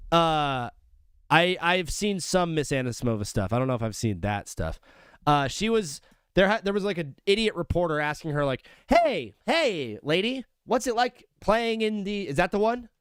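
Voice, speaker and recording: Young guy streaming sports talk, rambly and jokey, kinda high smooth voice, dry close mic. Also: fairly bright tone, dry recording. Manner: rambling, jokey, calls viewers brother. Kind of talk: casual live-stream chat.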